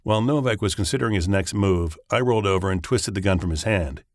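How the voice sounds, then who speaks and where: A man narrating a first-person thriller audiobook in a steady, matter-of-fact way. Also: low voice, fast, dry recording, clean studio sound.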